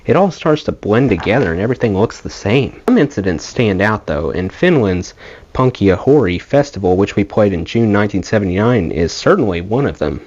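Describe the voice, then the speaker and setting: A man's voice: on the low side, expressive, a little fast, a little mellow, slightly rough. A man reading a rock memoir aloud as an audiobook, in a casual storytelling way. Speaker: audiobook reader. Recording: dull lo-fi home recording.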